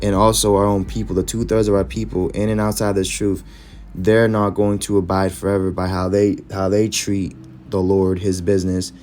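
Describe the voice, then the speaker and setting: A man's voice: deep voice, flat delivery, normal speed, darkish tone. A man preaching, reading scripture verses aloud and following each with short, emphatic comments.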